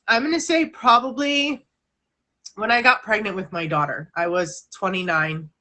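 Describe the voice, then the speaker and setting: Candid woman host with a bright voice. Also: on the low side, rough recording. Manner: candid, laughs often. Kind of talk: live stream talk show.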